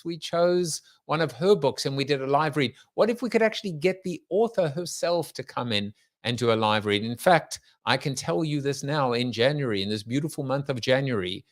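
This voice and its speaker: Expressive and a bit bright, this middle-aged man's mid-range voice moves at a moderate pace as he kicks off his podcast. The opening monologue rambles playfully, theatrical and full of jokes and wordplay.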